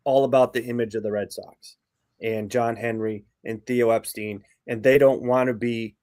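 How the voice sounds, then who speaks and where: A man's voice: medium pitch, fairly even intonation, moderate pace, darkish tone, dry recording, clean studio sound. A man co-hosting a sports podcast, giving blunt, assertive opinions in casual commentary. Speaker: podcast co-host.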